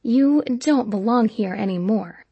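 A woman narrator voicing a spiteful young woman who taunts in a slow, sugary drawl, with a husky voice. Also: a little high, no echo, lo-fi sound. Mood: mocking.

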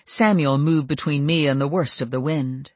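Audiobook narrator, mid-pitched, steady storytelling, dry close recording. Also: normal speed, no room sound.

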